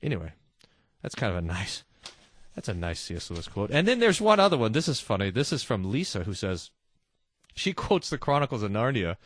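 A man hosting a casual religious talk show, reading listener quotes and mimicking people in quick asides. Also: fairly low pitch, no room sound. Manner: animated, mimics voices in asides. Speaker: host.

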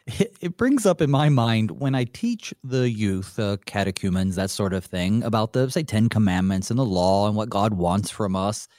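A pastor appearing as a guest on a radio Bible study speaks thoughtfully, using lively pitch to act out examples. The recording is dry and has a clean studio sound.

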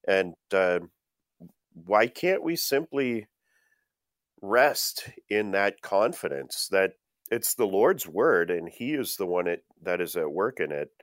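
Man, co-host, bible talk, chuckling, hesitant, low pitch, dry. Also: a bit bright, dry recording. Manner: chuckling, hesitant with many fillers. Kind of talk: Bible study discussion.

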